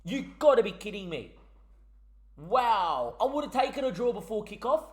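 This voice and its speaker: Young man, gaming commentary, swearing, heated, fairly high voice. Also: big pitch swings, moderate pace. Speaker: gaming YouTuber. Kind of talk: ranting game commentary.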